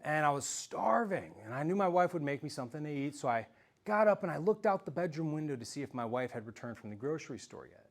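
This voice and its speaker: A man telling a story in an animated, self-mocking way during a talk to a live audience. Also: a little high, quick pace. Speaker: speaker giving a self-defense talk.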